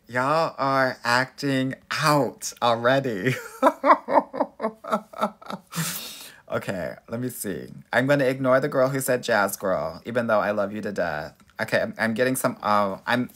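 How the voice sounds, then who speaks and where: A man's voice: on the low side, fairly bright tone. A man from Los Angeles, a dating coach hosting a live stream, greeting viewers and reading their comments in a sassy, playful way, calling them honey and girl. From Los Angeles, USA.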